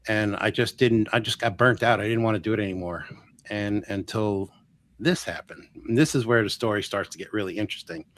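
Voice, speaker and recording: Man telling a lively personal story. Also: fairly low pitch. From Florida. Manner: animated, acts out quoted voices, restarts often. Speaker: guest healer. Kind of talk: casual storytelling interview.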